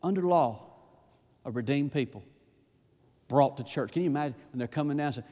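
A pastor preaching a folksy sermon that rises to shouting on its key points. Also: male voice, medium pitch, fast talker, pauses often. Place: church sanctuary. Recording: long church reverb.

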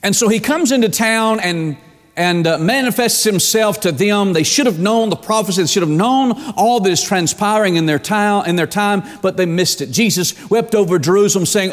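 High-voiced preacher in a church. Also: male voice, long reverb tail. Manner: preaching with dramatic slow emphasis and repetitions. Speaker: pastor. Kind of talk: sermon.

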